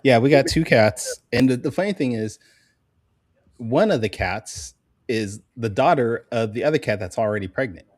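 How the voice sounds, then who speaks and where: A man's voice: mid-range voice, animated, normal speed, dry recording. Playful man hosting, dry close mic. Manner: playful, joking, announcer flourish. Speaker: podcast host. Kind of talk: casual podcast chat with a showman's intro.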